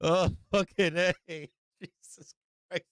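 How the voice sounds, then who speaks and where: Male live-stream market host, smooth higher voice, excitable and profane. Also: takes it slowly, dry recording. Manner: excitable, laughs often, swears freely.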